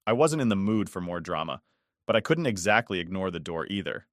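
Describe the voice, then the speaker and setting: A man in his forties narrates a first-person story in a low, weary voice with a resentful edge, his pitch swinging widely at a brisk pace. The recording is close and dry, with no room sound at all.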